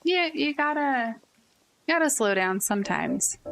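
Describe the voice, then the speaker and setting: A woman streamer talking casually through a game in a relaxed, chatty way. Her voice sits fairly high, with faint music beneath it. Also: a little slow, vocal fry. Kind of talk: casual let's play commentary.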